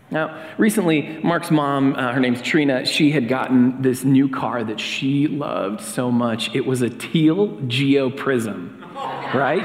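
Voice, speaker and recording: A pastor in his thirties speaks from the front of a church. He talks in a relaxed, conversational way, with plenty of fillers and restarts. His voice sits at a middle pitch and rings around a reverberant hall. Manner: casual, chatty, with fillers and restarts. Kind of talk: sermon with a personal story. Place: church sanctuary. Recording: echoey hall with long reverb.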